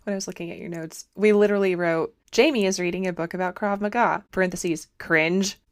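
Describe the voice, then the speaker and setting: A woman's voice: fairly low pitch, a little fast, no room sound. Dry-humored woman podcast co-host. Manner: wry, deadpan jokes. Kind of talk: casual chat reviewing a film.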